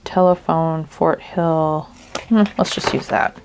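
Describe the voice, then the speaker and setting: A woman's voice: low voice, fairly even intonation, slow pace, noisy background. A woman hosting a crafting video, chatting casually and thinking aloud as she works, with a tickle in her throat. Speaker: crafting channel host.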